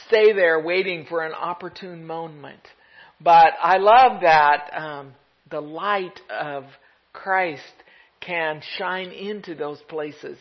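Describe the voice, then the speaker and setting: A pastor preaching a gentle, reflective sermon, laughing softly now and then. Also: mid-range voice. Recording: dull lo-fi recording.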